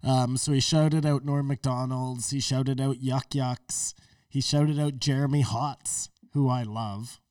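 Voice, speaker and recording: A man's voice: mid-range voice, steady tone, a little slow, a little mellow, no echo, studio quality, distant mic. A man co-hosting a casual podcast chat, arguing stubbornly, swearing and laughing often. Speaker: podcast co-host.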